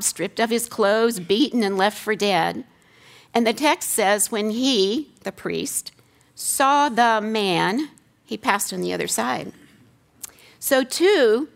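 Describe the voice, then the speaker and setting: A woman's voice: on the high side, gravelly. A middle-aged woman gives an earnest teaching talk on scripture. She asks rhetorical questions and repeats key lines for emphasis. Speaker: seminary teacher giving a talk.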